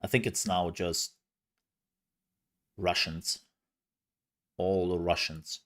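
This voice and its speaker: A man's voice: low-pitched, flat delivery, slow pace, fairly bright tone. A man streaming, chatting casually with viewers in a rambling, self-mocking way. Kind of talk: casual live-stream chat.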